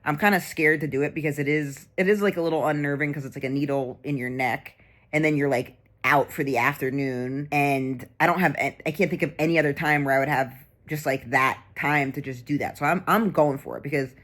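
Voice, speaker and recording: A woman's voice: deep voice, fairly quick, a bit bright. A woman vlogging in a casual, rambling storytelling way, candid and chatty.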